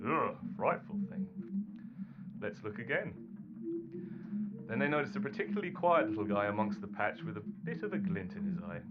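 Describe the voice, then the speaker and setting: A man narrating a storybook tale in an animated, theatrical manner. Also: fairly low pitch, fairly quick, heavy background noise. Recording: dull recording under loud guitar music.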